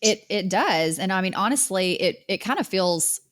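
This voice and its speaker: A woman's voice: mid-range voice, animated, normal speed, fairly bright tone. Thoughtful woman hosting. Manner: thoughtful, hesitant. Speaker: podcast host. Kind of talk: casual conversation.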